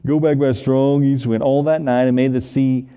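A male pastor preaching a sermon, often asking his listeners rhetorical questions and slowing down to stress key words. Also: mid-range voice, little pitch movement, mellow, clear, resonant tone. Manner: asks the congregation rhetorical questions, slows for emphasis.

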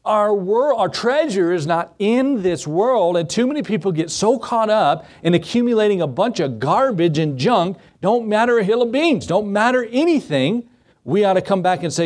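A man's voice: sits high, expressive, moderate pace, darkish tone. A man preaching a sermon as pastor, asking the congregation rhetorical questions.

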